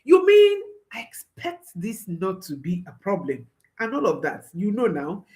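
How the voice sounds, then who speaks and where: A woman's voice: medium pitch, wildly swooping pitch, measured pace, a little mellow. A woman parenting coach giving advice to viewers, emphatic, often repeating her phrases and checking in with a questioning "hmm?".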